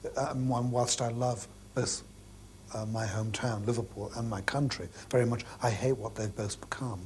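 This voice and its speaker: A man speaking in a measured, grave way in an interview. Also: medium pitch, fairly even intonation, a little mellow, a little hiss or hum.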